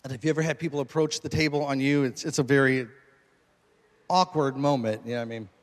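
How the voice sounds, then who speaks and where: A man preaching a sermon, telling a story with lively acted-out quotes and jokes to his congregation. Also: medium pitch, fast. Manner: animated, acts out quoted voices, jokes with congregation. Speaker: pastor. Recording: long hall reverb.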